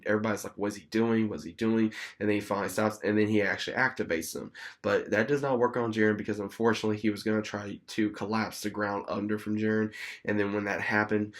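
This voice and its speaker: Young guy with a lowish voice rambling through an anime episode recap, gets excited. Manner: rambling, excited retelling with quoted lines. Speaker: YouTube anime reviewer.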